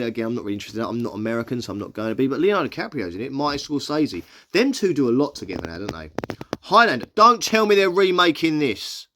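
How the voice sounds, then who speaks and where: A man chatting casually as he reads out film listings and gives his quick opinion on each. His voice is lively, swinging up and down in pitch as he talks. He stumbles a little when reading text aloud, then carries on in an easy, conversational way. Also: a little hiss or hum. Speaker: movie vlogger. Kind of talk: casual reaction commentary.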